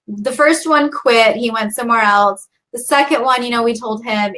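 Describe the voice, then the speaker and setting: A woman's voice: on the high side, moderate pace, few pauses, sharp tone. A woman co-hosting a podcast, telling a story in casual chat, full of likes and you knows. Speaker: podcast co-host.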